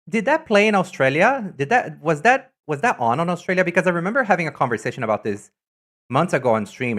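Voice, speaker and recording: A talkative woman streamer chats casually on a live stream, teasing as she answers chat messages. She reacts with sudden high, loud exclamations and teasing jumps in pitch.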